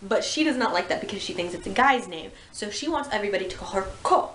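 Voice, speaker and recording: A young woman hosting a casual chat, animated and acting out characters' lines. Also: mid-range voice, fast. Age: young adult. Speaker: channel host. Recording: echoey room with faint noise.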